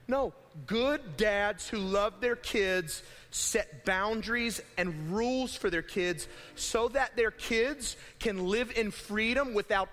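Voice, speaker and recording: Young man, pastor, lively conversational sermon, high voice, reverberant church hall. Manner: conversational, animated, acts out imagined voices. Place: church sanctuary.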